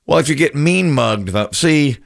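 A man's voice: a little high, animated, moderate pace, gravelly, no room sound, clean studio sound. A middle-aged man hosting a casual talk show, chatty and rambling with wry asides. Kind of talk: casual radio-style chat.

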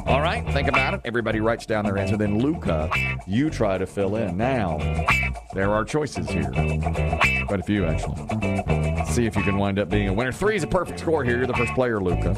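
Lively male radio host over loud music. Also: lowish voice. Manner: lively, joking, reads game prompts slowly. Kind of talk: radio call-in game hosting.

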